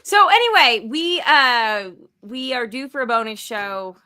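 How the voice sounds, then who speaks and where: A woman's voice: on the high side, expressive, measured pace, sharp tone. A woman hosting a casual podcast chat, steering the talk and thanking listeners. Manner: runs the show, reads listener comments and thanks patrons. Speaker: podcast host.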